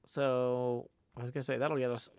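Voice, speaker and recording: A man's voice: medium pitch, flat delivery, normal speed, clean tone, no room sound, clean studio sound. A man streaming live, chatting casually and thinking aloud as he plays, often correcting himself mid-sentence. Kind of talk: casual livestream chat while playing a game.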